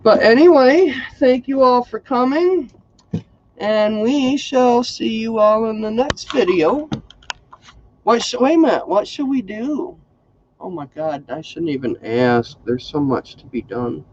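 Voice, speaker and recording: Man, craft livestream host, folksy and chatty, slightly high voice, lively swooping pitch. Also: unhurried, dull audio, a little hiss or hum. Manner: chatty, folksy, greets viewers by name. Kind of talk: casual crafting livestream chat.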